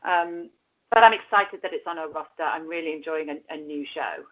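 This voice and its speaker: A low-pitched woman talks fairly quickly as a podcast co-host, chatting casually about reality TV. She laughs a lot and swears occasionally, and the recording has a dull, lo-fi sound.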